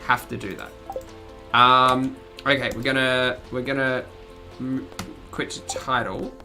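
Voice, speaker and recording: A woman's voice: rumbling low, level tone, unhurried, pushed and bright, soft background music. An Australian woman with a mild accent, chatting casually with her livestream audience and laughing often as she reads the chat. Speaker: streamer.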